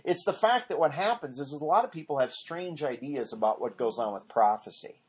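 A man's voice: mid-range voice, lively intonation, a little fast, a little mellow, slightly rough. A man teaching an informal Bible study, rambling off on tangents and correcting himself as he goes.

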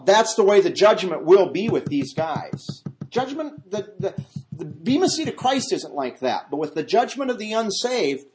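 Animated male pastor preaching a sermon. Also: on the high side. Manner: animated, swings from loud exclamations to hushed asides; acts out voices of people in his stories. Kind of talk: expository sermon.

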